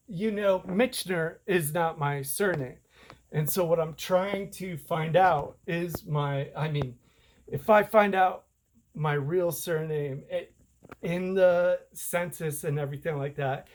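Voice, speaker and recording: A man talks in a loose, rambling way straight to his audience. He is excitable and slangy, calling people "dude" and "bro". When he feels wronged, his voice jumps sharply up in pitch. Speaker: self-published author and vlogger. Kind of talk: casual rambling monologue to camera.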